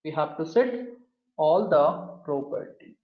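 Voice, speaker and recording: Brief: male coding instructor, slightly high voice, walks through steps aloud, echoey dull recording. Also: lively intonation, slow. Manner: talks through steps while typing, often addresses the class as "guys". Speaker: programming instructor. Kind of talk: live coding lesson.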